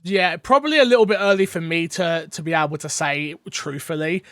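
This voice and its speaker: A man casually and enthusiastically sharing first impressions of a game preview, telling anecdotes in an animated way. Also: a little high, fairly quick, no room sound, studio quality. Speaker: gaming channel co-host.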